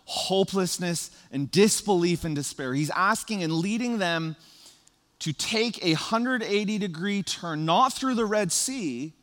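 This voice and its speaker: A man preaching a sermon as pastor, animated and playful, laughing at his own jokes. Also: sits high, long reverb tail.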